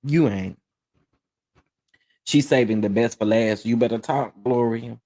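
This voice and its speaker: A man hosting a live gossip commentary stream, sassy and animated, laughing often and checking in with his viewers. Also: medium pitch, normal speed. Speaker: host of a gossip commentary livestream.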